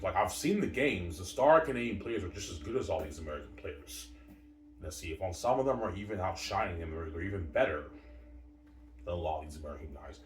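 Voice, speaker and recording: Man, sports commentary rant, very low voice, stammers and restarts, distant mic in an echoey room. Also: animated, fast talker. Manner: repetitive, stammering restarts, calls listeners "man" and "guys". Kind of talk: casual opinion rant to camera. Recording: roomy room, distant mic, faint ambient noise.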